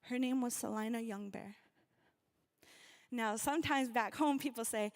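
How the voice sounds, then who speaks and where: A woman's voice: on the high side, lively intonation, unhurried, pauses often. A woman from North Dakota giving a rally speech, calling out to the crowd and leading the audience through a reflection. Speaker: event speaker.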